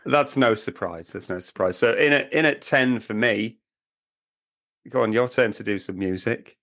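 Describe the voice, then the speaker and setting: This is a British man co-hosting a relaxed camping podcast. His voice sits slightly low, and he rambles along in a chatty, jokey way. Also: moderate pace. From Britain. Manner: chatty, joking, puts on silly accents. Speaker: podcast co-host. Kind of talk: casual chat.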